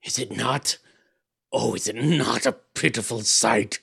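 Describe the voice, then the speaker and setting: A man voicing a tormented male fiend who was once mortal, speaking slowly and gravely with a gibbering, shuddering voice and sudden loud outbursts. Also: medium pitch, heavily acted. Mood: lamenting. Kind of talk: dramatic story reading.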